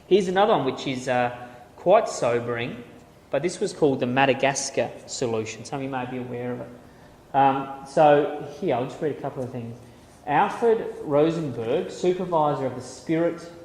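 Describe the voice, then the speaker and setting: A man's voice: medium pitch, darkish tone, slight background noise. Man lecturing in an echoey hall. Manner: casual, repeats words, reads quotes aloud. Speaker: Bible teacher. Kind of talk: lecture with slides.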